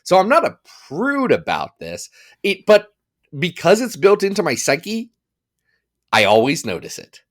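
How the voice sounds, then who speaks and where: A man's voice: high-pitched, huge pitch swings, a little slow, fairly bright tone. A man co-hosting a comics podcast in casual, joking chat, playful and self-mocking. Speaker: podcast co-host.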